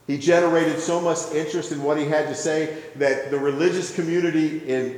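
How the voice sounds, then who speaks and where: A male pastor delivers a sermon in a somewhat high voice, telling a story with gentle humor before turning to earnest teaching. His voice fills a large hall, with heavy echo and a long reverb trail.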